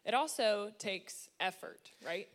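A woman giving a playful sermon-style talk about marriage, lively and joking with the crowd. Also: mid-range voice, slow. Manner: lively, playful, sprinkles in funny put-on voices. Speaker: married speaker at church.

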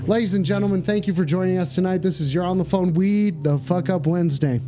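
A man hosting a comedic call-in stream, cursing constantly, excitable and bursting into shouts, slowing down for comic effect. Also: high voice, music in the background. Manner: deliberate slowdowns for comic effect. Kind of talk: profane comedic live stream.

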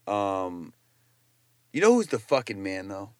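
A man's voice: low-pitched, very animated, unhurried, smooth, no room sound. A man who is a chef, talking as a guest in a casual interview, telling loose stories full of slang and swearing. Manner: loose, profane storytelling with slang.

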